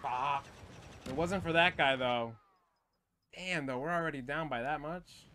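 An excitable young man commentates his game live, laughing often and mocking the other players. His voice sits a bit high for a man. A faint hiss of background noise sits under his desk mic. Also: measured pace. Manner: excitable, trash-talking, laughs a lot. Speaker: game streamer.

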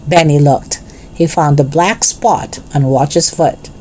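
A woman reading a children's chapter book aloud in an expressive, clear storytelling voice. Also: very deep voice, normal speed, slight background noise, poor audio.

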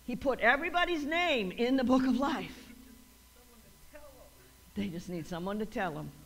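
A woman's voice: fairly high pitch, animated, moderate pace, vocal fry. A woman pastor preaching a sermon, repeating lines for emphasis and acting out quoted voices. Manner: call-and-response preaching, rising to emphatic repeats; acts out quoted voices with laughs.

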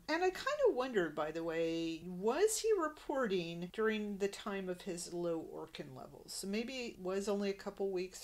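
A woman hosting a podcast, recapping a sitcom episode in a conversational way and reading out quotes. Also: mid-range voice. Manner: conversational, narrates scenes and reads quotes. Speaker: podcast host.

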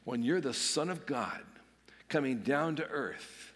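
A man's voice: medium pitch, animated, a little slow, a bit bright. A man preaching an earnest sermon as pastor, swelling and dropping his voice for emphasis. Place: church sanctuary. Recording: long reverb of a church hall.

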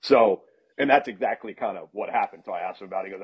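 A middle-aged man, a football analyst, casually telling animated stories as a podcast guest. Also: lowish voice, fast, breathy edge. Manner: animated anecdotes with laughs and restarts. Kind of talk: casual storytelling in a podcast interview. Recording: dull lo-fi sound.

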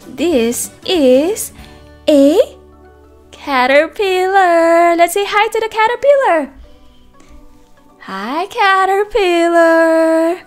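High sing-song woman reading to toddlers. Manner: sing-song, exaggerated, full of gasps and questions to the child. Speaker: children's teacher reading aloud. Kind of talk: read-aloud lesson for toddlers.

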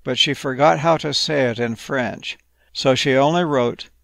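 A man gently narrating a playful, whimsical bedtime story. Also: medium pitch, measured pace, vocal fry, no echo.

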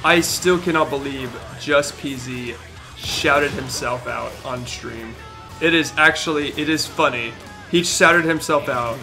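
A young man streaming a shooter game, excitedly narrating, shouting and laughing as he repeats himself. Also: mid-range voice, a little slow, over music. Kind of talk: excited gaming stream commentary.

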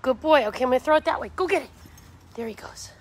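A woman's voice: sits high, animated, fast talker, a little hiss or hum. Woman cooing at dogs in a yard. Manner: coaxing baby talk to dogs, calling and cheering. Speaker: dog rescue volunteer. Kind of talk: live stream talking to dogs. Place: backyard outdoors.

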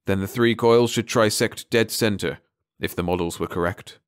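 A man's voice: on the low side, normal speed, clear, resonant tone, natural voice. A man doing a grim, terse rebel leader. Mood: intent.

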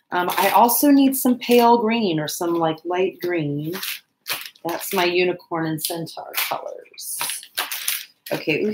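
A woman's voice: lowish voice, echoey room, background noise. A woman chatting casually and rambling to viewers while she crafts on a livestream. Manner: chatty, rambling, self-deprecating, talks to viewers and pets.

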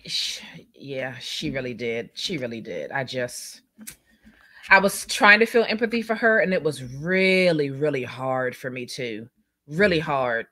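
A woman with a deep-set yet bright, forward voice discusses a novel on a live book club podcast. She is agreeable and easygoing, often backing up her co-host. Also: lively intonation, measured pace. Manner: agreeable, often chiming in with "yeah" and "mm-hmm".

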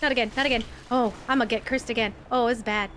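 High-voiced woman streaming a game. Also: fairly even intonation, fast talker, a bit bright, slight background noise. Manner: chatty, shrieks and squeals at sudden enemies; talks to viewers in chat. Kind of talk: live gameplay commentary.

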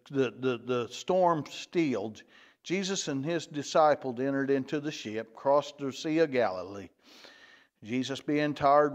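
A man teaching a Bible lesson in a folksy way, often repeating and restarting phrases. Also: a little high. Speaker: church teacher. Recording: dull lo-fi church recording.

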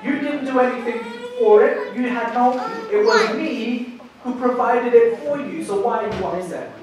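A man preaching voices God, calmly and firmly questioning an upset prophet. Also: extremely high pitch, moderate pace, distant mic, muffled recording, background noise, voice pushed up. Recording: echoey church hall from afar.

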